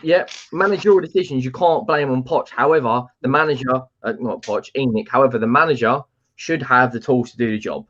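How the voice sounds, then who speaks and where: A man's voice: mid-range voice, a little fast, fairly bright tone, muffled recording. A man talking football in casual, heated chat, blunt and repeating himself. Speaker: football podcast panelist.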